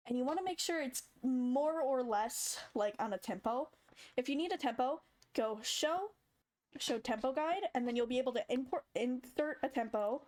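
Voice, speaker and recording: A woman's voice: sits high, normal speed, darkish tone. A young woman casually walking through a step-by-step tutorial, chatty and demonstrating sounds as she goes. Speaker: tutorial maker. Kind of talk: casual screen-recorded tutorial.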